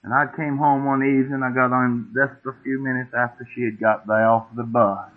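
A middle-aged man preaches in a folksy, homespun way, turning to the congregation with questions. His pitch sits in an ordinary middle range. The recording is thin and tinny, like an old tape heard down a phone line. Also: flat delivery, a little fast. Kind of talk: sermon storytelling.

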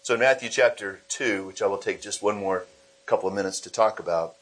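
A man's voice: on the low side, a little fast. A man preaching a sermon as pastor, reading scripture aloud and explaining it, slipping into acted voices for the people in the story. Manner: animated, acts out quoted voices.

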